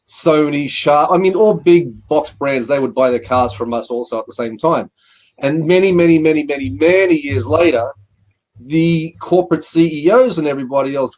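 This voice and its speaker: Australian man, middle-aged, lightly raised pitch, chatty interview guest with rambling stories. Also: a little mellow. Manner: rambling anecdotes with acted-out quotes and repeated "he says". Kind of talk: casual interview storytelling.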